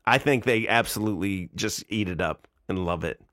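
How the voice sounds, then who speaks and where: A man's voice: on the low side, moderate pace, a bit bright, dry recording, clean studio sound. A man in his forties streaming live, reacting to videos in casual, incredulous, mocking commentary. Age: 40s.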